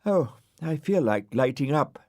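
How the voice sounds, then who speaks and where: A man's voice: fairly high pitch, lively intonation, unhurried, a little mellow, no echo, clean studio sound, pitched above the performer's own voice. A man voicing a sweet, vain little star. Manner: sweet, affected, genteel.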